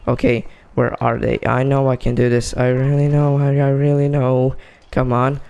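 An excitable, gravelly-voiced gamer gives excited gameplay commentary at a moderate pace and medium pitch, talking to himself and teammates with frequent exclamations. The audio sounds dull.

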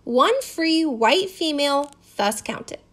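A woman voicing a weary, patient male census taker who speaks formally and measured. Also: high voice, lively intonation, fairly bright tone, heavily acted.

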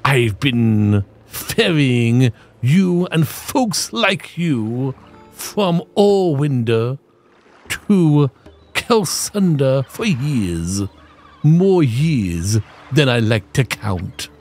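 A man voicing a seasoned, wry male ship captain, reading the game's lines aloud slowly in a raised voice. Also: mid-range voice, sing-song, darkish tone, soft background music, voice pushed up, exaggerated voice. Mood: knowing. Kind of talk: reading game dialogue aloud in character.

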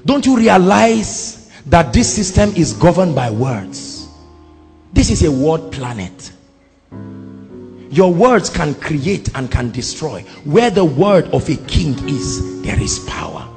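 A Nigerian man preaches a sermon in a high, gravelly voice that leaps up and down in pitch. He moves between hushed lines and shouts. His voice rings through a large hall with faint music behind. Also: sing-song, takes it slowly.

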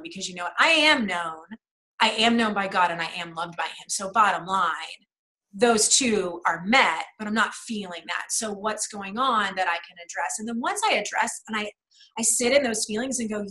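A woman's voice: medium pitch, moderate pace, bright, forceful tone, rough recording. A woman guest, in a conversational interview, talks earnestly and reflectively, thinking aloud about feelings and family.

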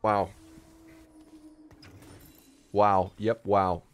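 A man streaming an auto-battler match and commenting live, excitable and swinging from low mutters to shouts. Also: very slow, clear, resonant tone, faint music behind.

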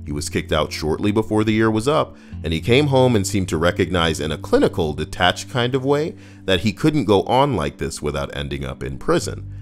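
A man's voice: low voice, sing-song, fairly quick, soft background music. A man streaming, chatting casually and joking as he reads viewer comments and a story aloud. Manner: joking and playful.

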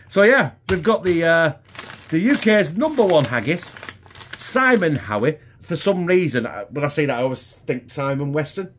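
A man's voice: on the high side, big pitch swings, moderate pace, a bit bright, a little hiss or hum. A man, hosting a casual home cooking video in a chatty, rambling, self-deprecating way.

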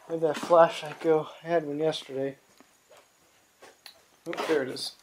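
A man's voice: on the high side, level tone, unhurried, a little mellow, a little hiss or hum. A man with a New England accent chatting casually in his garage workshop, rambling and swearing, with lots of fillers. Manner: rambling, profane, with many fillers. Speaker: small engine repair vlogger.

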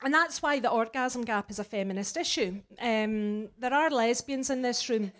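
A woman's voice: fairly high pitch, moderate pace. A Scottish woman performing a sweary, flippant stand-up comedy set live before an audience. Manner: brash, sweary and flippant, with big swings in loudness.

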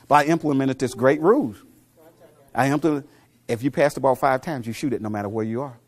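A middle-aged motivational speaker addresses a live audience, telling coaching stories in a preachy way and quizzing the crowd. He is animated and talks fast, dropping to low murmurs before rising to loud punchlines.

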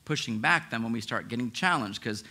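Male pastor, conversational sermon, bright and forceful tone, animated. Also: medium pitch, a little fast. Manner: animated, conversational preaching with frequent restarts; acts out listeners' inner objections.

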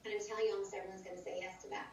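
A woman giving a conversational training talk at a conference, lively and often acting out sample lines. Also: mid-range voice, racing, slight background noise. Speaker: sales trainer. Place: large conference room. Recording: roomy echoey hall, distant dull mic.

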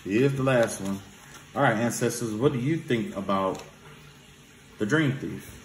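In a loose, profane spiritual vlog, a man who works as a spiritual reader hands out advice, often dropping in "you know what I'm saying." His mid-range voice moves at a measured pace. The recording has a roomy echo and slight background noise.

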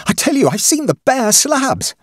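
A man voicing a panicked young husband in a ghost story, with a husky voice. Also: very high voice, big pitch swings, normal speed, no echo, studio quality, voice pushed up, heavily acted. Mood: frantic. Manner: frantic, breathless outbursts.

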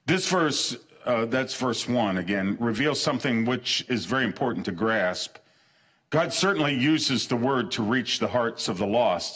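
Here a man preaches as pastor with earnest conviction, driving points home through repeated short phrases and often stumbling and starting his sentences over. The voice is mid-range, husky, and slightly bright.

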